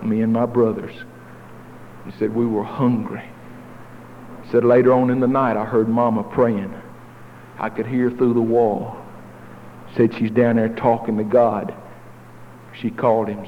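Folksy preacher in an echoey hall. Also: male voice, mid-range voice, level tone, normal speed, pauses often. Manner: folksy storytelling, dramatic swings from loud to hushed. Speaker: pastor. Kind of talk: sermon storytelling. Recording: tinny phone-like echoey hall, faint noise.

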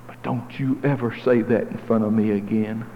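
A man's voice: lowish voice, fairly even intonation, a little hiss or hum, close to an everyday voice. A man preacher voicing a poor devout mother who scolds her son and pleads with God, in a tinny, echoey recording. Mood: stern. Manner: earnest pleading, drawn-out. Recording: tinny phone-like echoey hall.

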